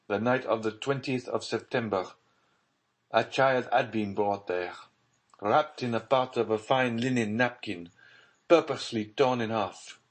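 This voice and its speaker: A man voicing a haunted aristocratic official in an audiobook, speaking in a grave, hushed, brooding tone. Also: medium pitch, voice pushed up, lightly acted. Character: haunted scheming nobleman, secretive and grave.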